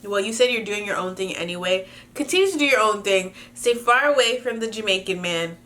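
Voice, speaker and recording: A woman's voice: mid-range voice, animated, brisk, a bit bright. A young woman from Canada reading viewer emails aloud and giving blunt, sassy advice in a casual chat, swearing freely.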